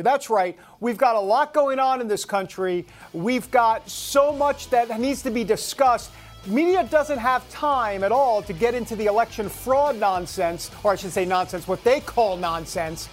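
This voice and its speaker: A man hosting a talk show, reading headlines aloud with sarcastic disbelief. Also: sits high. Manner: sarcastic, incredulous, mocking headlines. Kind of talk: casual news commentary.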